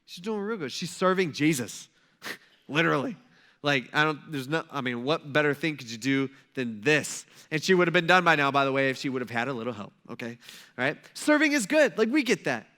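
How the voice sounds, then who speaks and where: A male pastor preaches in a relaxed, conversational way, slipping into acted-out quotes as he tells a story. His voice sits a bit high and has a bright, forceful edge. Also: fairly quick. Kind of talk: conversational sermon.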